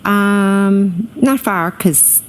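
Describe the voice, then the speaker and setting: A middle-aged woman testifying as a witness in court, hesitant and filling pauses with ums, answering briefly. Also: medium pitch, slight background noise. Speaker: trial witness.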